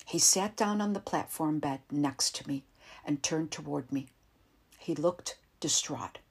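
A woman narrating a first-person story in a quiet, tense, measured way. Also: deep voice, husky.

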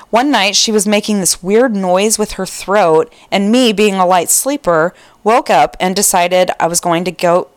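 A woman's voice: medium pitch, dry recording. A woman co-hosting a podcast, casually reading out listener stories and laughing between them. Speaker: podcast co-host.

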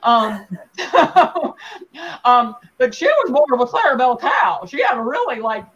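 A woman's voice: fairly high pitch, sing-song, measured pace, fairly bright tone, highs cut off. A woman puppeteer talking casually in an interview, full of fillers and restarts. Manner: chatty, with many fillers and restarts. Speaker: puppeteer guest.

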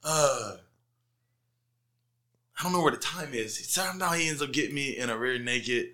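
A middle-aged man on a casual podcast, telling his fight stories with animated energy and plenty of swearing. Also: mid-range voice, moderate pace. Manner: animated storyteller, heavy swearing.

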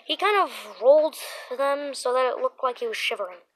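A woman with a slightly high voice reads a children's story aloud. She stumbles now and then, restarting and repeating a word. A faint hiss of noise sits under the voice. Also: expressive, moderate pace, rough recording. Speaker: narrator.

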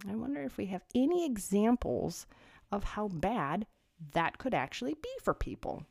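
A woman's voice: mid-range voice, sing-song, moderate pace, vocal fry, a little mellow, dry recording, studio quality. A woman delivering a sarcastic political commentary monologue, full of rhetorical questions.

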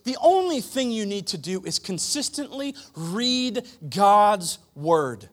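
High-voiced preacher swinging loud to hushed. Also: male voice. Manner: emphatic, swinging from loud declarations to quiet asides; humorous, conversational asides to the congregation. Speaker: pastor. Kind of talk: sermon. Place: church, preaching to a live congregation.

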